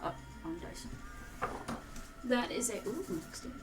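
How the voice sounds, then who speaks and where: A woman's voice: fairly high pitch, animated, a little slow, rough recording. Chatty woman player adding up dice. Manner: chatty, thinks aloud while adding dice. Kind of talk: casual tabletop game play. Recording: clear music behind voice. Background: music.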